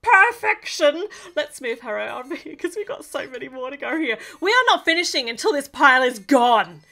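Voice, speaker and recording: A woman's voice: high voice, expressive, fairly quick, vocal fry, sharp tone. A woman chatting playfully and mocking herself as she builds LEGO toys for her vlog. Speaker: LEGO hobby vlogger. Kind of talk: casual crafting vlog.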